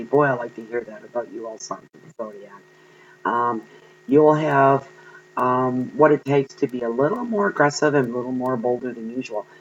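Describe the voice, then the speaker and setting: A man giving an earnest, encouraging tarot reading to viewers, pausing often with ums. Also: mid-range voice, highs cut off, a little hiss or hum. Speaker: tarot card reader.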